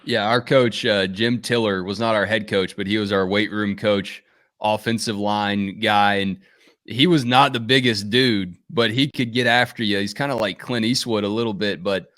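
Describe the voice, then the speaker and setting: A man's voice: on the low side, steady tone, normal speed, a bit bright, dry recording, clean studio sound. A man hosting an interview, friendly and chatty, asking long questions. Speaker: interviewer, host. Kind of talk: conversational interview.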